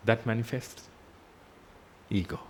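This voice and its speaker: In a temple hall, a man with a mid-range voice delivers a Buddhist sermon at a slow pace, with slight noise in the background. He repeats points and asks rhetorical questions, his voice falling as he says "ladies and gentlemen."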